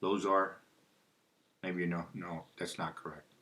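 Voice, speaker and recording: A man's voice: low-pitched, little pitch movement, unhurried, sharp tone. A man talking in a rambling monologue, often losing his thread and asking questions aloud, then answering them himself. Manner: rambling, loses track, asks dowsing questions aloud. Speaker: spiritual video host.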